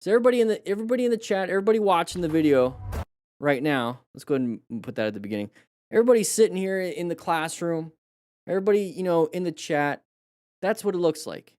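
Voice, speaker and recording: A man's voice: high-pitched, animated, quick pace, a little mellow. Chatty male live-stream riding coach. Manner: rambling, chatty, with frequent restarts and fillers; coaching tone, praising riders and joking with chat. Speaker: motorcycle safety streamer reviewing crash clips. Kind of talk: casual live-stream commentary.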